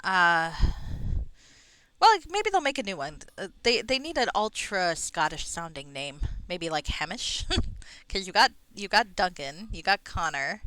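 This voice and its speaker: A woman's voice: fairly low pitch, sing-song, unhurried, sharp tone, dry recording. A woman streaming a game, chatting casually on tangents, swearing and laughing at herself, breathing audibly into a close mic. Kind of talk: casual rambling chat. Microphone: close microphone.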